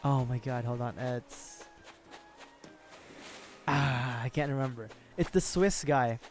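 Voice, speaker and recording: His mid-range voice moves at an unhurried pace as he livestreams a game with music in the background. The man keeps rambling, correcting himself and chuckling throughout his casual chatter.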